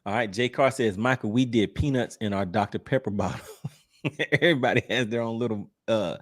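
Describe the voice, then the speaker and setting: A man's voice: lowish voice, brisk. A man hosting a livestream, reading viewer comments aloud in an easygoing, teasing way and laughing often. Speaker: livestream host.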